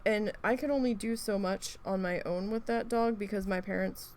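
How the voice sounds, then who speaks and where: A woman hosting a crafting video chats casually at home while needle felting, rambling through stories, swearing freely, and acting out her own reactions. Her mid-range voice has a darkish tone and moderate pace, with slight background noise.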